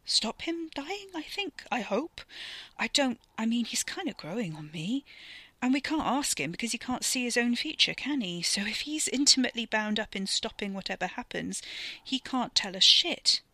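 A woman voicing a young man who is tense and sarcastic, talking in halting bursts and sometimes dropping to a whisper. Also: a little high, very animated, pushed and bright, no echo, pitched above the performer's own voice, heavily acted.

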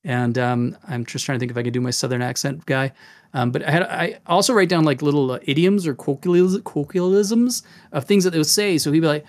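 A man's voice: fairly high pitch, fast. A man hosting a casual podcast about running tabletop games, talking with animation and dropping into voices. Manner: animated, demonstrative, jumps into voices. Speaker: game master and podcast host.

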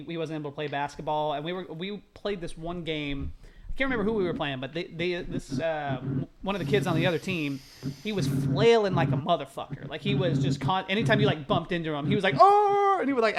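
A young man on a podcast telling a story animatedly, swearing often and acting out the people he quotes. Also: on the high side. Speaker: podcast co-host. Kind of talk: casual chat.

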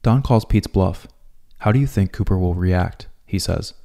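A man narrating a scripted video essay in a calm, measured way. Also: sits low, creaky.

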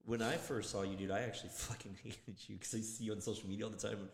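A man co-hosting a casual podcast chat, telling stories in a loose, profane, animated way. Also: lowish voice, fast talker. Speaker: podcast co-host. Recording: echoey room with long reverb.

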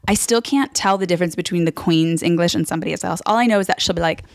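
Female podcast co-host, low-pitched, gossipy and playful, dry close sound. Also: fast, vocal fry, dry recording. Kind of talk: casual chat.

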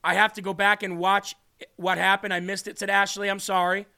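Earnest high-voiced man hosting a faith podcast. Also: little pitch movement, brisk, vocal fry, bright, forceful tone. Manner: earnest, emotional, reads comments aloud. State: tearing up. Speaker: podcast host. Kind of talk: reading live chat on a faith podcast.

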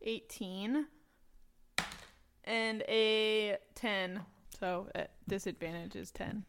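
A woman playing a tabletop game, talking in a playful, unhurried way. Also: medium pitch, steady tone, creaky, a bit bright, slight background noise. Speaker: player. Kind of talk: casual tabletop gaming.

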